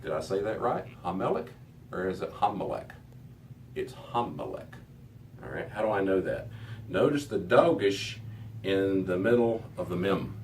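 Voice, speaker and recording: A man's voice: low voice, expressive, normal speed, darkish tone. A middle-aged man teaching a Hebrew lesson to a class, methodical and repeating words as he goes. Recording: distant mic with faint background noise.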